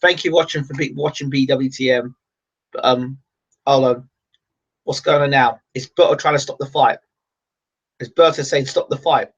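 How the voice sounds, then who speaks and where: A man's voice: medium pitch, normal speed, pauses often, breathy edge, dull audio. Exasperated man ranting over a fight. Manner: exasperated, ranting, swings to excited shouting. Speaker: live audio commentator. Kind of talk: live fight commentary.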